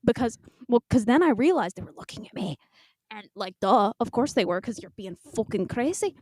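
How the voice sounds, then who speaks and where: A woman's voice: fairly high pitch, animated, a little fast, a little mellow, dry recording. A woman in her twenties, a podcast co-host, tells a rambling story in a chatty, self-mocking way. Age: 20s.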